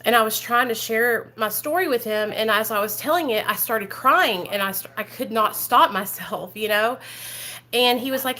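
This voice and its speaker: A woman's voice: fairly high pitch, moderate pace, bright, forceful tone, low-quality recording. A woman in her thirties talking to her viewers as a vlogger, emotional and rambling, with many fillers and asides. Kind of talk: emotional casual talk to viewers.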